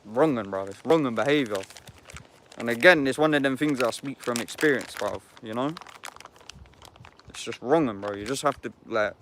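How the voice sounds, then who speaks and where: A man's voice: medium pitch, normal speed, fairly bright tone, slight background noise. Slangy young man from England. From Epsom, England. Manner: slangy and sweary, keeps saying bruv. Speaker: YouTuber talking to viewers. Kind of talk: casual livestream chat.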